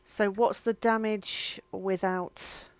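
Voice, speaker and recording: A woman running a tabletop game as game master, relaxed and teasing. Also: mid-range voice, takes it slowly, no room sound.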